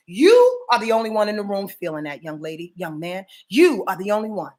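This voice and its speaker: A woman's voice: mid-range voice, brisk, hardly any pauses. A woman from Yonkers, New York, giving a casual astrology forecast. She swears freely and keeps checking that viewers are following her. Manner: profane, animated, addresses viewers directly.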